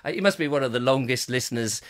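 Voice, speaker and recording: A man's voice: mid-range voice, lively intonation, quick pace, fairly bright tone. A middle-aged man hosting a comic live chat show, rambling and joking as he reads out viewer comments and laughs often. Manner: jokey, rambling, laughing a lot.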